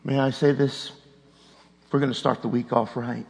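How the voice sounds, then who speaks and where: A man's voice: medium pitch, flat delivery, measured pace, creaky, long pauses, darkish tone, in a large hall. A middle-aged man preaching a sermon, telling a personal story with rising emotion and a raised voice at its peak.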